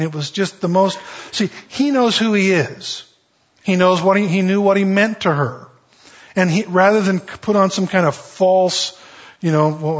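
A man's voice: fairly high pitch, fairly bright tone, slightly rough. A man preaching a conversational sermon, telling a story in a folksy way with many restarts and acted-out quotes. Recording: dull lo-fi sermon recording.

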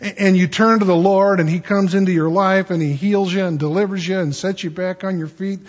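A pastor preaching a conversational sermon in a folksy way, with frequent stammered restarts. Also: male voice, high voice, fairly even intonation, brisk, muffled recording. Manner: folksy, stammering restarts, acts out quoted pleas.

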